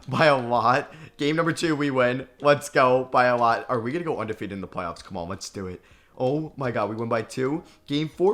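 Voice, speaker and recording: Man, gaming commentary, excitable reactions, lively swinging pitch. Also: moderate pace. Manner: excitable, reacting loudly to simulation results. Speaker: gaming video creator. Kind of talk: video game commentary.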